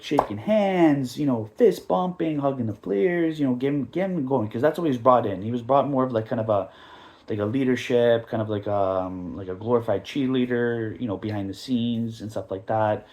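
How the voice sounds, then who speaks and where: Canadian man, podcast host, fast rambling football rants, profane and jokey. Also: medium pitch. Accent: Canadian English. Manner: animated, joking, profane, rambling ranting. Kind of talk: casual football podcast rant.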